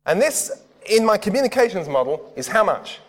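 A man's voice: sits high, big pitch swings, normal speed, a bit bright, big-room sound. A man preaching a sermon in a casual, conversational way, often putting questions to his listeners. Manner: conversational, asks the crowd questions.

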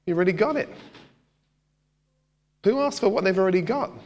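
A man's voice: high-pitched, expressive, a little fast, a little mellow. A man preaching a sermon in a conversational way, putting questions to the congregation and making joking asides. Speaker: pastor. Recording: long hall reverb.

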